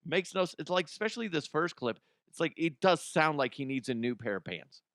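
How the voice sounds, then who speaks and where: A man hosting comedic sports commentary, irreverent, profane and animated. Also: fairly high pitch, a little fast, dry recording. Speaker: host.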